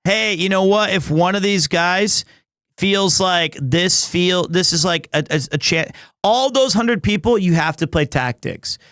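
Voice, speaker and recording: A man streaming live in casual chat, excitable, often breaking into shouts and laughter. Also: high voice, unhurried, no echo, clean studio sound. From United States.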